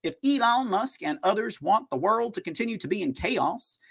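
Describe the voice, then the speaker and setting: A man's voice: high-pitched, expressive, moderate pace, gravelly, a bit bright, breathy edge, voice pushed up, full character voice. A man putting on an older male Southern politician with a put-on Southern US accent and a lisp, reading out a stiff lecture. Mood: scolding.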